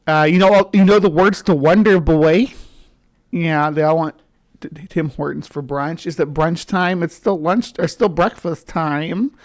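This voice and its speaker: A woman from the middle of the United States hosts a relaxed live show. She rambles and trips over her own words, circling back to greet viewers in the chat. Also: low-pitched, slow. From central United States, between the South and upper Midwest. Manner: rambling, self-interrupting, chats with viewers. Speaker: livestream host. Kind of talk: casual live-stream chat.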